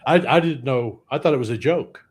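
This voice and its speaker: On a podcast, a guest comedian in his 60s from Louisiana tells rambling comic anecdotes capped with dry punchlines. His mid-range voice is brisk with a breathy edge.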